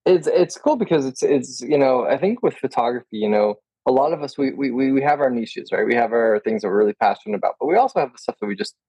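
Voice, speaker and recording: A man's voice: medium pitch, expressive, quick pace, few pauses, dark tone, husky, no echo, low-quality recording. A man in a casual podcast conversation, chatty and enthusiastic, often quoting himself.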